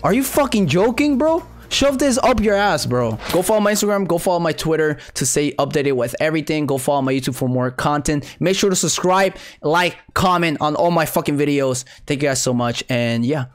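A young man commenting on his own gameplay as a gaming YouTuber, swearing constantly and trash-talking his opponent with sudden yelling. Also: fairly high pitch, fairly quick, hardly any pauses. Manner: profane trash talk, excitable, bursts into yelling.

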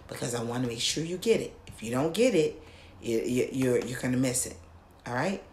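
A woman voice coach teaching an online lesson, who often repeats herself and checks in with "okay?", now and then singing or shouting demonstrations. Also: very deep voice, lively intonation, normal speed, reverberant, slight background noise. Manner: repeats words, checks in with "okay?" and "all right?"; sings demo lines and shouts "ha!" exercises.

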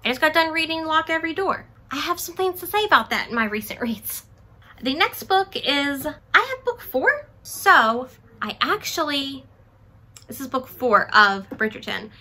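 A woman book vlogger talking through a book haul in a casual, chatty way, excitable and self-deprecating. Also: sits high, moderate pace.

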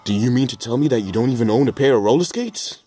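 A man's voice: mid-range voice, expressive, quick pace, dark tone, husky, faint music behind. A man voicing a chirpy young female roller skater trainer in a game, reading her lines with upbeat pep. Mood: peppy.

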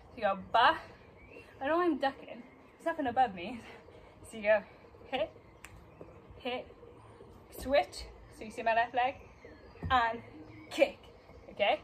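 Brief: young woman dance teacher, bright higher voice, counts and scats steps, breathless, faint hiss behind. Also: rough recording. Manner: counts beats and scats moves aloud. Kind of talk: dance class instruction. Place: dance studio.

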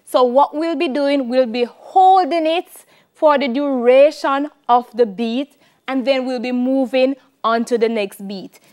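High-voiced Jamaican woman teaching a song. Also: measured pace, darkish tone, clear, resonant tone. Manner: chanting syllables and clapping rhythms. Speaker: music teacher. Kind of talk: televised classroom lesson.

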